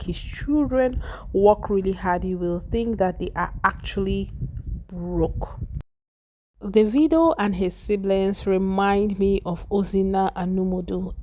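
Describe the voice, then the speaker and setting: A woman's voice: mid-range voice, darkish tone, a little hiss or hum. Chatty woman gossiping. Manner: gossipy, conversational, opinionated asides. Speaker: celebrity gossip vlogger. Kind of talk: chatty voice-over commentary.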